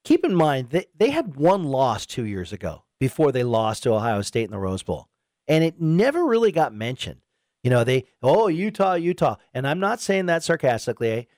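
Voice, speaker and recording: A man hosting sports talk radio, his voice rising and falling a lot as he chats. He slips into high, excited voices when he plays out what fans say. The sound is close and dry, recorded in a studio. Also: normal speed, dry recording. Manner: animated, quotes imagined fans in raised voice. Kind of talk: casual sports radio chat.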